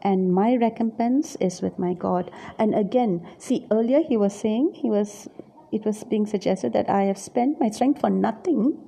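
A woman's voice: mid-range voice, measured pace, gravelly, dark tone, slightly rough. A woman preaching a reflective sermon on scripture, musing aloud and often searching for her words.

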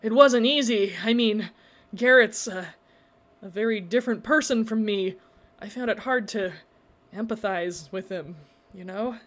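A woman's voice: mid-range voice, close to an everyday voice. Woman doing a dreamy, spacey young man. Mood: earnest. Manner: earnest, rambling, halting. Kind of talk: storybook character voice.

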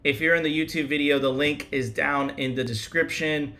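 A man's voice: on the high side, steady tone, moderate pace, bright, forceful tone. Male co-host, casual livestream, upbeat, reads chat and plugs links.

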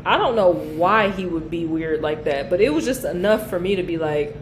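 A woman's voice: lowish voice, animated, normal speed, echoey room, slight background noise, rough recording. A young woman co-hosting a podcast, talking bluntly and animatedly and swearing freely. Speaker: podcast co-host. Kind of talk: casual chat.

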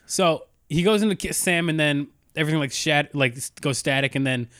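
A man's voice: on the high side, fairly quick, a bit bright, dry recording, clean studio sound. A young man co-hosting a casual podcast, agreeing a lot and checking plot details as he recaps a cartoon episode. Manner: agreeable, many "yeah"s, checks details, trails off. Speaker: podcast co-host.

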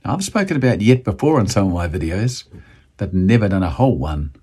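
A man's voice: low voice, sing-song, a little fast, warm tone, breathy edge. A man from New Zealand with a New Zealand accent, hosting a motivational video and talking enthusiastically to camera, at times bantering with himself.

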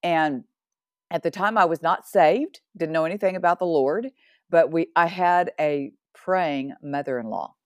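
A woman in her sixties, a podcast guest, sharing an earnest personal faith testimony in an animated way. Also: low voice, unhurried, no room sound, studio quality. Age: 60s. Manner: animated and earnest, with laughs and asides.

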